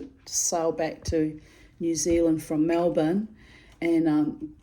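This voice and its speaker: A woman's voice: on the low side, dark tone, low-quality recording. A middle-aged woman telling a personal story to camera in a frank, aggrieved way, swearing freely. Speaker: video storyteller.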